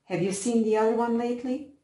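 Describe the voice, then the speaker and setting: A woman doing a calm, grave town doctor. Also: fairly high pitch, fast, roomy sound, voice pushed up, natural voice, low-quality recording. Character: grave neighborhood doctor, a man.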